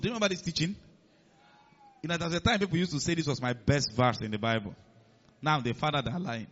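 High-voiced emphatic male preacher. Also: lively intonation, quick pace, fairly bright tone, muffled recording. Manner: emphatic, calls on the congregation to respond. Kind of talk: sermon.

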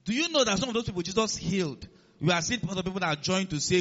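A man's voice: high-pitched, lively intonation, very fast, fairly bright tone, muffled recording. A man preaching a sermon, emphatic, quoting scripture and calling on the congregation to follow along. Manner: emphatic, calls on the congregation to respond.

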